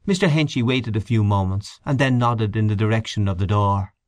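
A man narrating a short story as an audiobook, in a measured, expressive manner. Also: lowish voice, dry recording.

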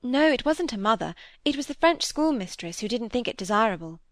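A woman's voice: on the high side, big pitch swings, brisk, no room sound, studio quality. A woman voicing an eager, candid young girl in an audiobook reading.

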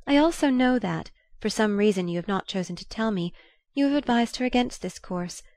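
A woman reading a novel aloud as an audiobook narrator, in a measured, even manner. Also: medium pitch, no room sound.

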